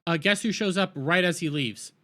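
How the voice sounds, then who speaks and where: Bright-voiced rambling male reviewer. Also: sits high, moderate pace. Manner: rambling, stammering restarts, incredulous outbursts. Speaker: show reviewer. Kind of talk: casual spoken recap.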